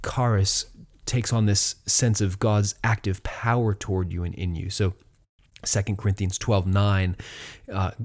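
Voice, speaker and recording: A man's voice: lowish voice, flat delivery, unhurried. A man giving an earnest teaching talk on doctrine, explaining ideas step by step with frequent fillers and restarts, and reading verses aloud.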